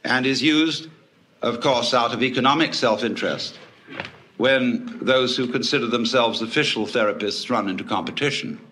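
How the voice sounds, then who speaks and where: A man's voice: mid-range voice, normal speed, sharp tone. A man giving a public lecture, telling wry anecdotes with dry humor. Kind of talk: public lecture to a live audience.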